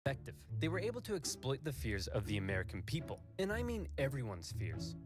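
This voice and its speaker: A man giving scripted, comedic history narration with wry, deadpan jokes over background music. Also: mid-range voice, fast.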